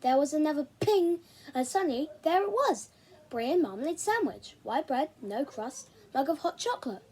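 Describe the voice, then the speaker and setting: A woman reading a children's novel aloud in an expressive, animated way. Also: high-pitched, normal speed. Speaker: reader.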